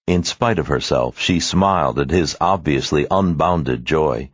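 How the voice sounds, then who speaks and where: A man narrating an audiobook with expressive storytelling, in a dry, slightly muffled studio recording. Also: very deep voice, measured pace, few pauses, no room sound. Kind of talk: scripted narration.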